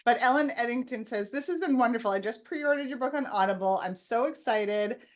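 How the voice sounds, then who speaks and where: A woman's voice: fairly high pitch, brisk. A woman podcast host on a video call, laughing often and reading listener comments to her guest. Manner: laughs often, warm reactions, reads comments aloud. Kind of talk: casual interview.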